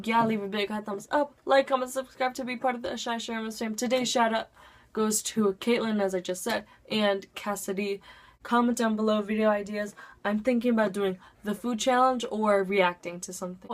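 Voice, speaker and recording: A teenage girl vlogger telling a school story in a breathless, chatty way, with lots of "like" and sudden dramatic jumps in her voice. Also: mid-range voice. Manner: dramatic voice swings into acted quotes. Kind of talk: storytime vlog.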